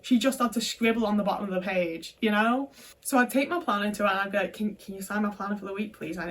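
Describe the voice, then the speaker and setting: A woman's voice: mid-range voice, distant mic. A young woman from the UK telling a personal story in casual talk, frank and full of swearing and filler words. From United Kingdom. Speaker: vlogger.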